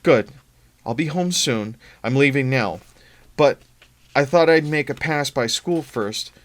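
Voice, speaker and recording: A man reading aloud, voicing a nervous young man who speaks in quick, raised, stammering lines. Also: medium pitch, expressive, fairly bright tone, pitched above the performer's own voice. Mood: anxious.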